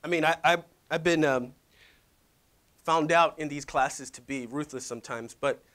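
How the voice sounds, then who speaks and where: A man's voice: fairly high pitch, moderate pace, a bit bright. A middle-aged male pastor preaching in a church, conversational and full of rhetorical questions to the audience. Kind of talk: sermon.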